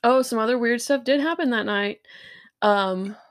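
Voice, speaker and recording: A young woman co-hosts a casual podcast, her voice sitting a little high. She chimes in with emphatic, supportive commentary and frequent agreement. She also takes over to tell her own side of the night. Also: normal speed. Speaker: podcast co-host. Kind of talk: casual chat.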